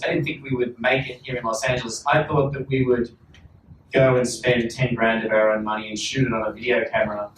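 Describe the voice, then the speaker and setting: A man's voice: medium pitch, fairly even intonation, moderate pace, a bit bright, slight background noise. A man in his forties with an Australian accent, a panel guest telling rambling, self-mocking stories in casual talk. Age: 40s. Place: large hall at a public talk. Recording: echoey hall, distant, faint ambience.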